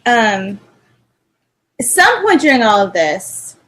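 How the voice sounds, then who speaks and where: A woman's voice: fairly high pitch, sing-song, slow pace, fairly bright tone. Chatty young woman podcaster. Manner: chatty, giggly, gushing. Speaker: podcast co-host. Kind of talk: casual chat.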